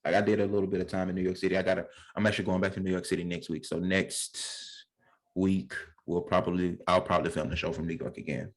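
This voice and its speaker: A young adult man co-hosting a podcast, telling stories in a slangy, animated way and acting out voices in casual chat. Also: low-pitched, fast, poor audio. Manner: animated storyteller, slangy, acts out voices in anecdotes. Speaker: podcast co-host.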